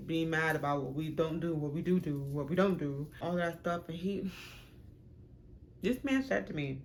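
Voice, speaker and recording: A young woman telling a storytime on her vlog, frank, animated and profane. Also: low-pitched, a little hiss or hum. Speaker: vlogger.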